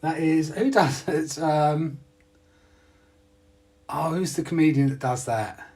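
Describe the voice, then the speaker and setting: A man's voice: a little high, slow pace, a little mellow. A man from the UK hosting a hobby channel, chatting casually with viewers while unboxing parts, self-deprecating and laughing often.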